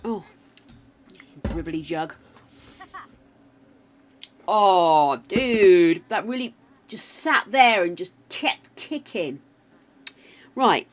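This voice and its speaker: A woman's voice: on the low side, expressive, very slow, pauses often. An older woman with a slightly wobbly voice, chatting with her viewers and thinking aloud while she plays a game on a live stream. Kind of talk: casual live-stream chat while playing.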